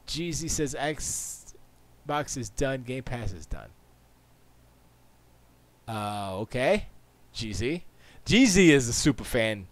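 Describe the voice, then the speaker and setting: A man's voice: medium pitch, no echo. A tired man hosting a livestream, chatting casually in a rambling way and laughing often. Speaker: livestream host.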